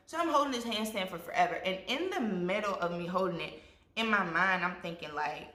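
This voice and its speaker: A young woman vlogger telling a storytime with lively asides to her viewers, acting out what people said. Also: lowish voice, a little fast. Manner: animated, addresses viewers as y'all, acts out quotes. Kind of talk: storytime vlog. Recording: echoey room.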